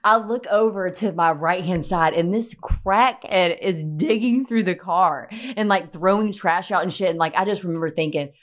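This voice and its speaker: A young woman telling a personal story in casual, animated chat, swearing and acting out what people said. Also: fairly low pitch, normal speed, few pauses. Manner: animated, swearing, acts out quotes. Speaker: podcast guest telling a story.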